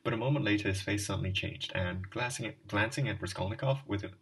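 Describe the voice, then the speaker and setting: A man narrating a literary audiobook in a measured reading with occasional restarts. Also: fairly low pitch, creaky, fairly bright tone, distant mic, poor audio. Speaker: audiobook reader.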